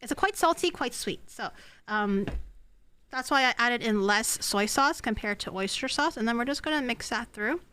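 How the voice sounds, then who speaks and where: A woman's voice: fairly high pitch, expressive, moderate pace, pushed and bright, clean tone. A woman streaming herself cooking at home, chatting casually, self-mocking and swearing. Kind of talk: casual cooking livestream chat.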